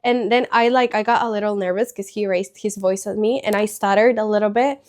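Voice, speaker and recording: A sick, hoarse woman talking casually to camera as a teacher and vlog host, rambling with lots of "like" and restarts and sounding a bit upset. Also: mid-range voice, fairly even intonation, brisk, a little mellow. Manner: chatty, rambling, frequent "like" and restarts; mildly upset, confiding. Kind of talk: casual storytelling chat to camera.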